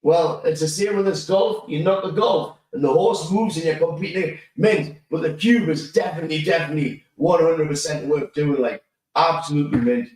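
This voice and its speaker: A man co-hosting a chatty football podcast. He tells his stories with animation, swears and laughs a lot. His voice sits a touch high, and it sounds roomy, as if caught from a distance. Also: brisk, a little mellow. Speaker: podcast co-host. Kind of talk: casual chat.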